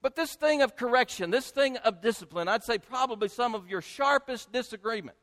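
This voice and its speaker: A male pastor preaching a sermon to his congregation, speaking emphatically and rising to loud peaks. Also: extremely high pitch, expressive, brisk. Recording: long hall reverb.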